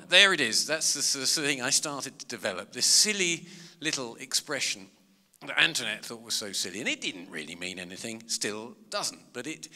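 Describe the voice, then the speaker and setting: A comedian and author gives a storytelling talk to a live audience, spinning chatty, animated, self-mocking anecdotes as his pitch leaps up and down. His voice is bright and forceful, ringing with the long reverb of a large public hall.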